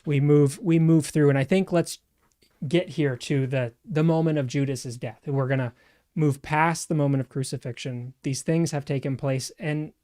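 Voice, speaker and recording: A man co-hosting a talk, his voice sitting a bit high for a man. He speaks in a measured, steady way and reads passages aloud at an even pace. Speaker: co-host. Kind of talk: casual discussion and scripture reading.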